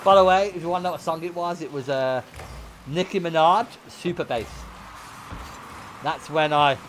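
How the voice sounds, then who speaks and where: A man's voice: fairly high pitch, normal speed, faint music behind. A young man streaming a game, telling rowdy stories in a casual, swear-heavy way. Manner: animated, swears freely, bursts into loud laughter. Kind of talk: casual storytelling while gaming.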